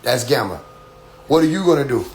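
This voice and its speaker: A man's voice: medium pitch, sing-song, a little fast, darkish tone, slight background noise. A man in an impassioned address to his followers, preachy and full of rhetorical questions, often repeating "you see?". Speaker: group leader addressing followers.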